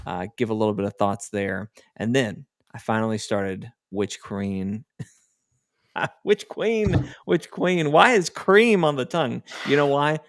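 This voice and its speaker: A man's voice: lowish voice, a bit bright, no echo, studio quality. A man co-hosting a podcast in casual chat, hyped up and laughing often. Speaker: podcast co-host.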